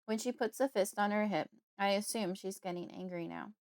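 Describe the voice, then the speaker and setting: A woman narrates a creepy horror audiobook in the first person, reading at a steady, measured pace. Her voice is mid-pitched, and the recording is dry and close. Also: no room sound.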